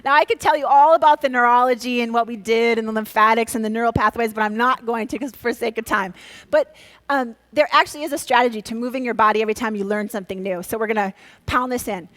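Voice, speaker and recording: A woman from Minnesota giving a lively motivational talk, coaching her audience and calling out to them. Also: fairly high pitch, quick pace, no room sound. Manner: energetic, coaxing, leads the crowd in call-and-response; drops to a hushed, soft voice for a quiet exercise. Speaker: speaker.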